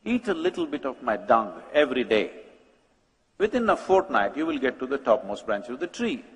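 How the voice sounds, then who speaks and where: A man's voice: medium pitch, very animated, normal speed, long reverb tail, close to an everyday voice. A man voicing a nonchalant bull giving sly, offhand advice.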